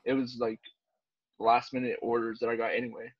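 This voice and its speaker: A man's voice: medium pitch, flat delivery, brisk, slightly rough, dry recording. A man co-hosting a podcast, rambling through a story with lots of fillers and swearing. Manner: rambling, many fillers and swears, says dude and bro. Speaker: podcast co-host, Navy corpsman. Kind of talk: casual profane storytelling chat. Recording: dull, dry podcast recording.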